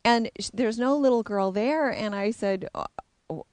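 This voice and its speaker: A middle-aged woman who works as an intuitive psychic tells personal stories in a candid, reflective way. Her voice is a little high and slightly mellow at a moderate pace, recorded dry and close with no echo.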